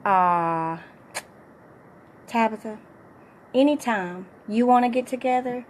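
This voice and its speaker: A middle-aged woman fitness coach with a hoarse, partly lost voice, giving an upbeat, encouraging motivational talk to her viewers. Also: a little high, takes it slowly, slight background noise.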